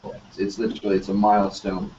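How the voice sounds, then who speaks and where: A man talking in a casual panel chat. He speaks quickly and thoughtfully. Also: lowish voice, completely flat delivery, warm tone. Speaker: panel guest. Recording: echoey, distant, muffled with faint noise.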